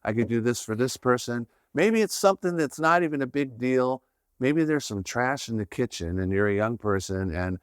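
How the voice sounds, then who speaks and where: A man's voice: mid-range voice, clear, resonant tone, dry recording, studio quality. A man hosting a podcast, giving a conversational faith teaching in an earnest tone, often checking in with "right?". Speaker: podcast host.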